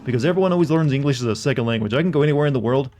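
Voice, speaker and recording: A man's voice: medium pitch, racing, a little mellow, a little hiss or hum. A man with a Southern US accent, casually rambling and joking with viewers while playing a game. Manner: rambling, jokey, chatting with viewers. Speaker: streamer. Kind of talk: casual gameplay commentary.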